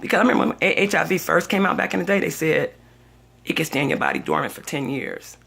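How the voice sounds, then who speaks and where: A woman's voice: deep voice, expressive, fast, gravelly, fairly bright tone, husky. A chatty older woman vlogging, telling a personal story dramatically and acting out the other people's voices. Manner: dramatic, chatty, acts out voices in her stories. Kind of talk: casual storytelling vlog.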